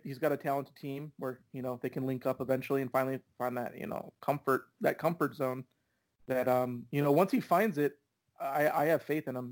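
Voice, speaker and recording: An easygoing young man co-hosts a soccer podcast and chats loosely. His voice is at an ordinary pitch, and his talk is agreeable and full of fillers. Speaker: podcast co-host. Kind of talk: casual soccer chat.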